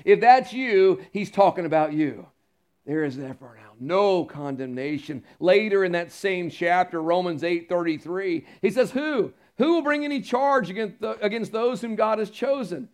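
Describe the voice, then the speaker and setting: High-voiced emphatic preacher man. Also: moderate pace. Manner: emphatic, swings from loud declarations to quiet asides. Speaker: pastor. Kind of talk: sermon. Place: church sanctuary.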